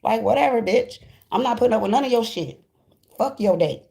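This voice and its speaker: With a fairly high, gravelly, dark-toned voice, this tarot reader animatedly delivers a casual reading to her viewers. Her speech is blunt, emphatic, profane and full of slang, flowing fast as she acts out quoted voices.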